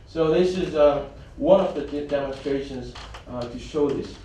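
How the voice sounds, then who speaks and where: A man's voice: a little high, moderate pace, mellow, distant mic, slight background noise. A man giving a symposium presentation in a conference hall, hesitant, with many fillers and restarts. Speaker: conference speaker.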